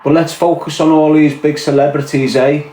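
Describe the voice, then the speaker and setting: A man's voice: on the high side, level tone, moderate pace, dark tone. A man with a Liverpool accent, ranting bluntly on a livestream and swearing heavily while reading out chat. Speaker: streamer reading live chat. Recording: roomy echo.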